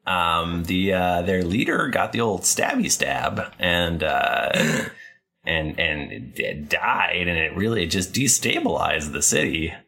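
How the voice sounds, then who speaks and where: A man playing a tabletop game, talking in loose role-play banter with a gravelly voice. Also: sits low, expressive, slow, sharp tone.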